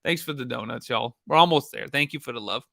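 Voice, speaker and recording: Bright-voiced, rambling, profane stream host. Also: male voice, medium pitch, fast talker, vocal fry, no echo, studio quality. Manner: rambling, profane, addresses viewers as y'all. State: tired. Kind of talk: casual live commentary.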